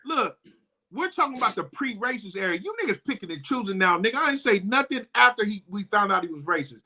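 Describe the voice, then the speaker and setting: A man's voice: sits high, very animated, fast talker, bright, forceful tone, slightly rough. A man co-hosting a casual podcast who keeps cutting in with heated, slangy objections. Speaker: podcast co-host. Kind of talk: casual debate chat.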